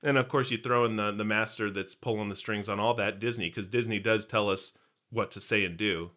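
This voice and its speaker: A man's voice: lowish voice, fairly even intonation, brisk, bright, forceful tone. A man co-hosting a casual podcast, playful and jokey, slipping into hammy pirate bits. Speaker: podcast co-host. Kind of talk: casual chat.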